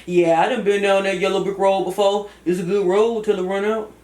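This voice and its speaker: Woman voicing a deep-voiced, crude older cousin with an Atlanta accent for a cartoon, in an echoey room. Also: flat delivery, a little fast, dark tone, natural voice. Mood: teasing. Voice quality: deeper voice. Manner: brash, crude, teasing. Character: blunt older female cousin giving advice.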